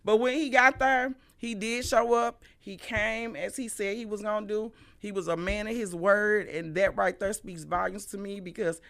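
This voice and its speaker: Middle-aged St. woman hosting a stream, sharp-toned, profane, animated storytelling. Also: medium pitch, moderate pace, few pauses. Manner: animated, profane, swings between loud and hushed. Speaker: livestream host. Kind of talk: casual storytelling monologue.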